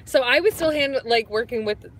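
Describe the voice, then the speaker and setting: A woman's voice: fairly high pitch, normal speed, fairly bright tone, slight background noise. A woman co-hosting a live stream from a car, chatting casually and laughing between sentences. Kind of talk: casual chat.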